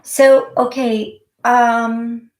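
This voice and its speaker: Slow-talking woman psychic radio host, roomy sound. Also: a little high, little pitch movement. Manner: warm, giggly, direct advice with repeated warnings. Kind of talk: call-in psychic reading.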